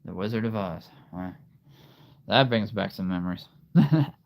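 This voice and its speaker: A man's voice: lowish voice, measured pace. A man chatting casually on a live stream, rambling and laughing often.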